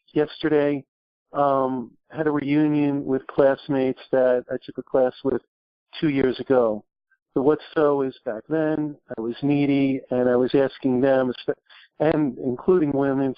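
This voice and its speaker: A man's voice: medium pitch, no room sound, dull audio. A man calling in to a podcast, earnest and a little hesitant as he asks his questions. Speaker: caller. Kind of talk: caller asking questions on a podcast.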